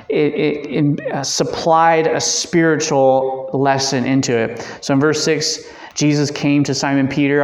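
A man leading a Bible study discussion, talking conversationally with fillers and self-corrections. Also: fairly high pitch. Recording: echoey room.

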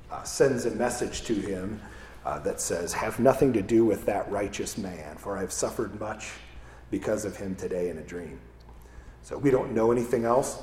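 A man's voice: on the low side, a little mellow, slight background noise. A man preaching a conversational sermon, often asking "right?" and restarting his words. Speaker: pastor. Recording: echoey hall with faint ambience.

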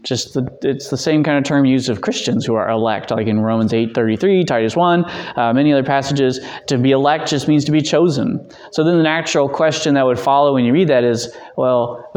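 A man teaching a church theology class, conversational and answering questions, acting out quotes in lively raised voices. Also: mid-range voice. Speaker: Bible teacher.

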